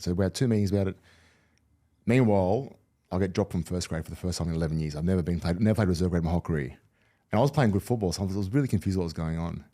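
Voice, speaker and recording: A man's voice: low voice, fast talker, warm tone. A middle-aged man, a retired rugby league player telling candid, rambling stories as a podcast guest. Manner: candid, rambling with many restarts. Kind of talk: casual storytelling interview.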